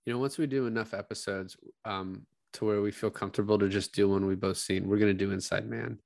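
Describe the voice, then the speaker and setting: A man's voice: fairly low pitch, a little fast, gravelly, no room sound, clean studio sound. A man co-hosting a podcast, talking casually about a film and acting out its lines with bursts of laughter. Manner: animated, acts out quotes from scenes with laughs. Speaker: podcast co-host. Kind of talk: casual movie discussion.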